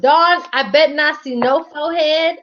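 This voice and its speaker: A woman co-hosting a live stream, telling a story in a casual, animated way with slang and frequent laughter. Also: high voice, a little slow. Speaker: live stream co-host doing readings. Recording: dull lo-fi stream audio.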